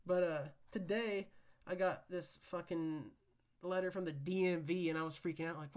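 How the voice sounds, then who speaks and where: Young guy ranting on his podcast, swears a lot, voice sits a bit high. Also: moderate pace. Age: young adult. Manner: profane, rambling, animated ranting. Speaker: podcast host. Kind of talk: casual solo podcast monologue.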